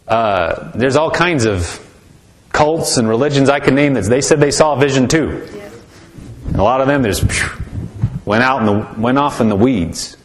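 A man's voice: mid-range voice, husky. A man preaching to his congregation in a conversational, earnest way, often restarting his sentences. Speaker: pastor. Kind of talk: sermon.

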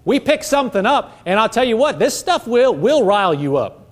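Male preacher, high voice, earnest conversational teaching, heavy on rhetorical questions. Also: very animated, moderate pace.

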